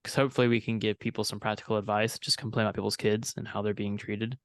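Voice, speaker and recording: A man's voice: lowish voice, level tone, fast, no room sound. A young adult man co-hosting a casual podcast, telling a rambling story and often correcting himself. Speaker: podcast co-host and student minister.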